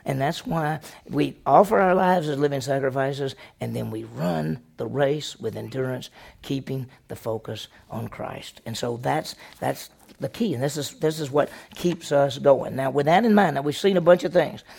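Gravelly-voiced pastor teaching a church lesson. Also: male voice, medium pitch, moderate pace, a little mellow. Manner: asks the congregation questions and answers them himself; folksy, tells personal stories. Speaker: senior pastor.

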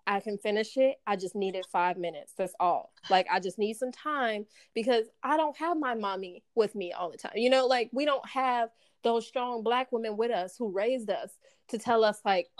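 An actress telling a personal story in casual chat, animated and full of restarts, acting out the voices she quotes. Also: fairly high pitch, normal speed, no echo. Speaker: actress guest.

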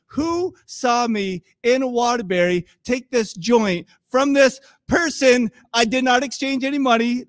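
A man's voice: extremely high pitch, no echo. A middle-aged male pastor preaching a sermon in a conversational, storytelling way, acting out quoted voices.

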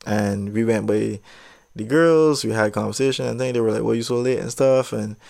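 A man's voice: on the low side, brisk, gravelly, darkish tone. A young man casually telling a personal story, rambling and drifting into side tangents. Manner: rambling, digressive, laid-back.

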